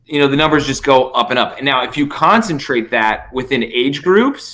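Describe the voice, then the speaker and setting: A man, a podcast guest, telling stories in casual, animated chat full of fillers and swearing. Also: medium pitch, moderate pace. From United States.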